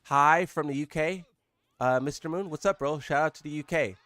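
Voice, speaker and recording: A man's voice: fairly high pitch, moderate pace, fairly bright tone, no echo. A man hosting a live stream, chatting casually and rambling with his viewers. His voice jumps up when he is surprised.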